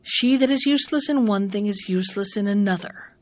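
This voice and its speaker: A woman's voice: medium pitch, fairly quick, dry recording, natural voice. A stern old farm mistress from a fairy tale, as a woman reads her lines. She speaks in a grim, reproachful tone. The recording is dry and slightly dull. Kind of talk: storybook narration.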